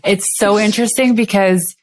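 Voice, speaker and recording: A woman hosts a podcast interview in a mid-pitched voice. She is chatty and playful, responding to her guest's story and then drifting into anecdotes of her own. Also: fairly even intonation, moderate pace, slight background noise. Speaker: podcast host. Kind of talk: casual interview chat.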